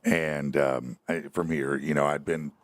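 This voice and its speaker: A man's voice: a bass voice, steady tone, a little slow, dry recording. A middle-aged man hosting a podcast, asking questions in a rambling way with many restarts. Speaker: podcast host. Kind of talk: casual interview chat.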